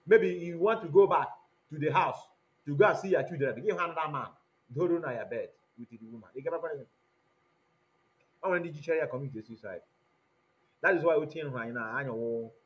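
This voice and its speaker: Nigerian man, livestream commentary host, animated, switches languages, slightly high pitch, dull lo-fi sound. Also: a little fast, pauses often. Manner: animated, mixes Igbo and English mid-sentence. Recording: dull lo-fi audio.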